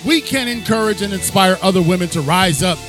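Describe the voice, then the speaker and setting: A podcast host with a high-pitched voice works his audience up with sing-song, booming build-ups before dropping into easy chat. Faint music sits underneath. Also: expressive, brisk. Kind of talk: hyped podcast introduction and chat.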